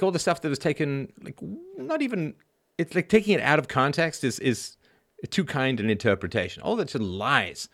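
Speaking with a fairly low pitch, this fifty-something man hosts a live show with sarcastic energy. His delivery jumps between hushed asides and loud, forceful bursts, and "right?" keeps coming up as a question.

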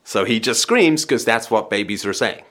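A man hosting a call-in advice show, talking in an animated, dramatic way and acting out scenes to make his point. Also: lowish voice, moderate pace. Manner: animated, dramatic, acts out scenarios.

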